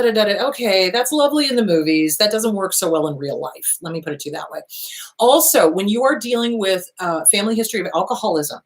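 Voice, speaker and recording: A middle-aged woman therapist answering viewer questions in a casual advice show, blunt and animated, swearing freely. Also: mid-range voice.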